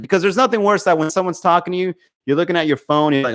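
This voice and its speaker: A young adult comedian hosts a casual livestream podcast through a phone mic, reading viewer comments, acting out the voices he quotes, and swearing plenty. His voice is on the high side and a bit bright, and he talks fast.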